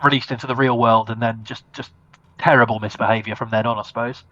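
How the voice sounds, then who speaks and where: A man from Norway, a band's bassist, chatting as a podcast guest in a laid-back, rambling, modest way over a video call. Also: fairly even intonation, fast talker, sharp tone, dry recording, highs cut off. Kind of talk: casual interview chat.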